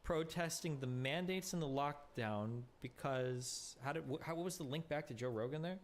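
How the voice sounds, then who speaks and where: A man's voice: on the high side, normal speed. A man debating as a guest, sarcastic and full of pointed questions. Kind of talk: fast online debate.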